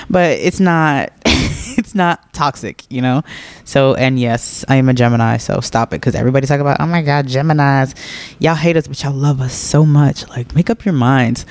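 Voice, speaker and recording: A man's voice: fairly high pitch, darkish tone, dry recording. A laid-back young man hosting a podcast, chatting casually and answering listener questions, laughing often and leaning on filler words. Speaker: podcast host.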